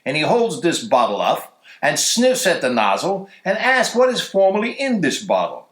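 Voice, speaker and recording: Male story reader, animated, bright tone, echoey church sanctuary. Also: a little high, normal speed. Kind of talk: reading a story aloud.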